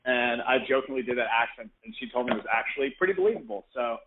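A man's voice: mid-range voice, fast talker. A man in his thirties, co-hosting a radio show in laid-back, wry, joking chat. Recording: phone line with faint noise.

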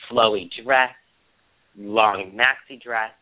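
A chatty man co-hosts a casual podcast talk show, rambling through a story and doing a squeaky, mocking voice for quotes. His low voice is steady and slow, coming over a thin, tinny phone line. The sound is dry and close.

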